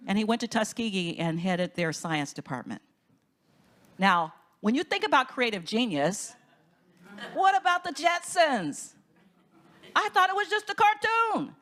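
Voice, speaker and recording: A woman minister giving an inspirational conference talk in a lively storytelling manner, often rising high with enthusiasm.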